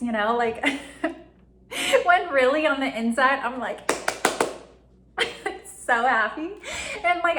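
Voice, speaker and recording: A woman's voice: sits high, sharp tone. A young woman vlogging in a casual confessional monologue, rambling with constant fillers and frequent giggles. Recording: echoey room with faint ambient noise.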